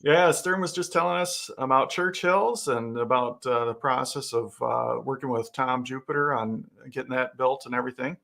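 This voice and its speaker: A man's voice: mid-range voice, normal speed, gravelly, few pauses, a bit bright. A man hosting a casual chat show in an easygoing way, laughing often and restarting his sentences. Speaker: host.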